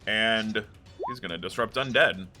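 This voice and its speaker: A man running a tabletop game as game master, relaxed and joking, laughing often. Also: on the low side, unhurried, over music.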